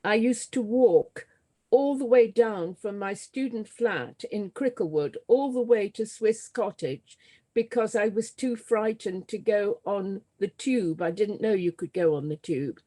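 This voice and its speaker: An older woman from Britain, a theatre designer, telling stories as a guest in a conversation, halting often with ums and restarts. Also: mid-range voice, dark tone. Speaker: guest, scenographer and author. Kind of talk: conversational storytelling.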